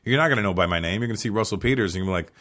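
A man's voice: lowish voice, very fast. Blunt, profane Toronto-raised male comedian. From Toronto, Canada. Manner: blunt, profane, animated storytelling. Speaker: podcast host, comedian. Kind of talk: casual chat.

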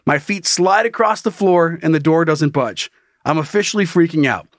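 Swearing and cracking himself up, this podcast host spins a dramatic story in an animated, casual chat. He speaks at a normal speed in a fairly high voice, recorded dry with clean studio sound.

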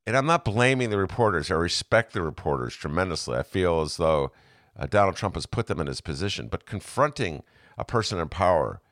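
A man hosting a podcast interview, speaking thoughtfully and haltingly as he searches for his words. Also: deep voice, expressive, fairly bright tone, dry recording, studio quality. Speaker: podcast host, former radio host. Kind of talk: conversational interview.

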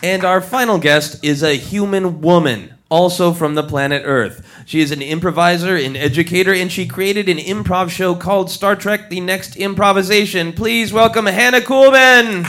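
Man, podcast host, slightly high voice, jokey, energetic, live on stage. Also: moderate pace, hardly any pauses. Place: theater stage before an audience.

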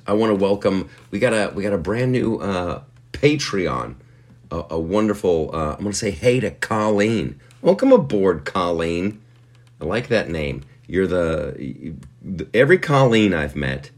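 A man's voice: low voice, sing-song, a little slow. A man hosting his podcast in a rambling, self-mocking comic monologue full of fillers and restarts. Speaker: podcast host. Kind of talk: casual comedic monologue.

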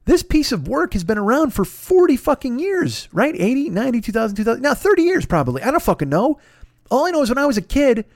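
A man's voice: high-pitched, dry recording, studio quality. A man hosting his own podcast, ranting in a profane, sarcastic solo comedic monologue. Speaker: podcast host.

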